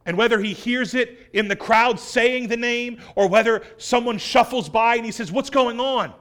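Man, pastor, high voice, dramatic sermon delivery, loud then hushed. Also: steady tone, moderate pace. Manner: dramatic scripture reading, swelling loud then dropping soft.

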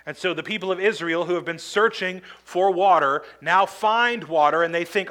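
A man's voice: sits high, moderate pace, sharp tone. A man preaching a sermon as pastor, earnest and emphatic, acting out quoted complaints now and then.

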